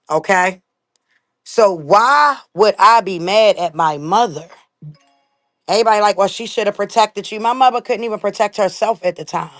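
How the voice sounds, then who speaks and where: A young woman with a Baltimore accent, talking bluntly and emphatically to viewers on a casual live stream. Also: medium pitch.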